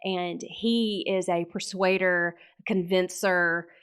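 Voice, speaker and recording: A woman's voice: on the low side, slow, clean tone. A woman, telling stories in a casual interview with lots of laughter. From Mississippi. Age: 40s. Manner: laughing, lively storyteller. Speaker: podcast guest, real estate coach.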